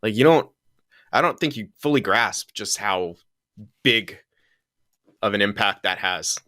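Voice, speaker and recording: Low, bright-toned male co-host. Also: expressive, unhurried, dry recording, clean studio sound. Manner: joking, swears casually. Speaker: podcast co-host. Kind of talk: casual podcast chat.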